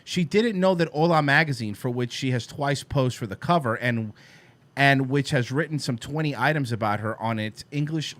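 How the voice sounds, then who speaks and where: A man's voice: mid-range voice, a bit bright. Guy co-hosting a talk show, sarcastic, reading an article and mocking it. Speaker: co-host. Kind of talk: casual commentary on clips.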